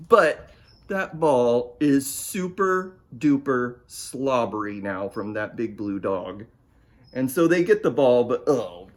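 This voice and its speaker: A man reads a picture book aloud to children, playful and inviting them to join in. He speaks at an unhurried pace with a very animated pitch, moving up and down freely. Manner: playful, talks to young listeners and asks them to join in. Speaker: children's author reading his picture book. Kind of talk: storytime read-aloud for children.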